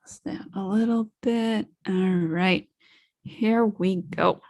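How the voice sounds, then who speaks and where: A woman's voice: medium pitch, fairly even intonation, slow pace, a little mellow. A woman hosting her own podcast in a solo monologue, reflective and asking the listeners questions. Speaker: podcast host.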